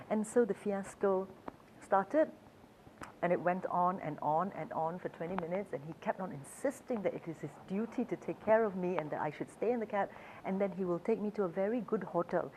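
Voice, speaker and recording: A woman's voice: medium pitch, a little fast, a little mellow, slight background noise, rough recording. A woman who is a travel author, telling stories in a chatty, hesitant way with fillers and frequent laughs. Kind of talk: storytelling talk.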